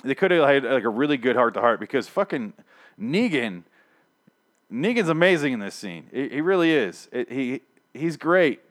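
A man casually recapping a TV episode in a rambling, profane, animated way. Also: medium pitch, normal speed. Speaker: TV show recapper.

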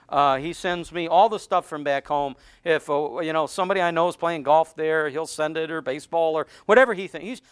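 A middle-aged pastor with a high voice delivers a sermon in a chatty, joking way and often restarts his sentences. The sound is dry and close, with little room echo. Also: fairly bright tone. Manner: conversational, joking, with stammered restarts.

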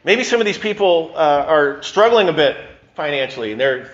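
A man's voice: a little high, sing-song, moderate pace, fairly bright tone, highs cut off. A male pastor giving a sermon in a conversational, emphatic way, often restarting his sentences.

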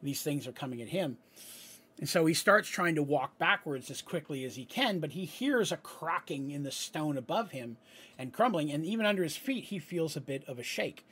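Man, game master, husky voice, fairly high pitch, tabletop game narration, chatty explanatory asides. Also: lively intonation, normal speed, a bit bright. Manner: explanatory asides, frequent "right?".

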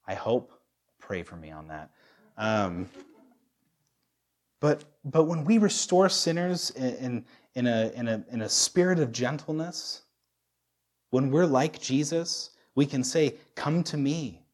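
He speaks at a slow pace with a medium pitch and lively intonation. A pastor in his thirties from the U.S., he preaches candidly and pokes fun at himself, repeatedly breaking off and restarting sentences.

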